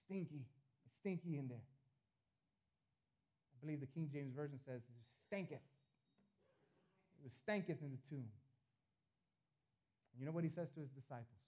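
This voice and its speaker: A male pastor preaching a sermon to a congregation, emphatic, with his voice swelling loud and then dropping low. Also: moderate pace, long pauses. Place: church.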